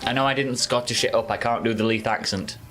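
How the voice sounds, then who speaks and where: A streamer chats and jokes with his chat while casually commenting on his gameplay. His medium-pitched voice stays steady and fairly bright, and he talks fast over faint background music.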